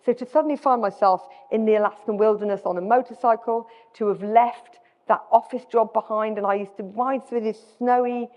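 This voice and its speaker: This guest speaker, a middle-aged woman from Britain with a British accent, talks live in a self-deprecating way, often starting her sentences over. Her fairly high voice keeps fairly even intonation, running a little fast with few pauses, in a dull recording with long hall reverb.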